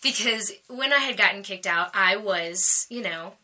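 A woman sharing a personal faith story in conversation, animated and emotional, laughing often. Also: medium pitch, measured pace, low-quality recording.

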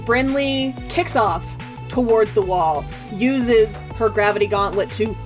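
A woman player at a tabletop game talks slowly and carefully as she describes her character's action. Music plays clearly behind her. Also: mid-range voice. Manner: slow, descriptive.

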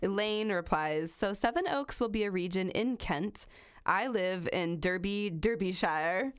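A woman's voice: medium pitch, expressive, unhurried, smooth. A woman co-hosting a casual chat podcast, telling a true-crime story with lots of fillers and frequent laughter.

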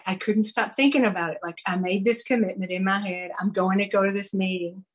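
A woman giving a personal recovery testimony, earnest and halting, with many fillers and restarts. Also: mid-range voice, fairly bright tone, slightly rough, poor audio. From American South. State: briefly choked up. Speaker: recovery program speaker sharing her story.

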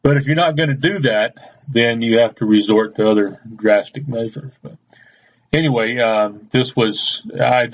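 A man's voice: lowish voice, lo-fi sound. A man hosting a radio show, rambling through news stories in a folksy, casual way and chuckling at his own stories.

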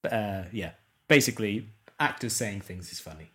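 A man hosting a casual film podcast, relaxed and hesitant, laughing as he talks. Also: lowish voice, moderate pace. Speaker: podcast host.

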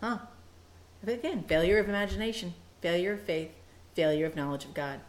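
A woman teaching a Bible study, animated and playful, acting out quoted lines with quick asides. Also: fairly low pitch, roomy sound.

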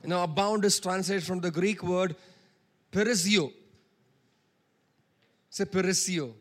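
High-voiced preacher. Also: male voice, fairly even intonation, measured pace, fairly bright tone. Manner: call-and-response preaching, drawing out key words. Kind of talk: sermon.

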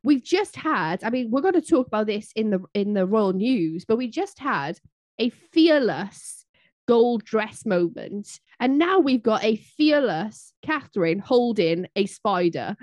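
A British woman co-hosting a chatty podcast, animated and acting out the quotes she tells. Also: unhurried, no room sound. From Britain. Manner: animated, acts out quotes with a jump in pitch. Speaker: podcast co-host. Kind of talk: casual chat.

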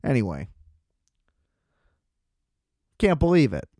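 A man's voice: a little high, expressive, a little slow, dry recording, clean studio sound. A man hosting a podcast, ranting in a casual, exasperated and profane way. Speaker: podcast host. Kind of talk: casual solo podcast rant.

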